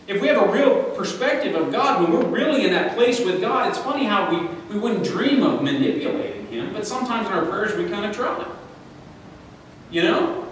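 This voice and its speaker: High-voiced pastor preaching in echoey church. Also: male voice, expressive, moderate pace, slight background noise. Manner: conversational, joking preaching with scripture read aloud. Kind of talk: sermon. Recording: echoey church hall, voice from far off.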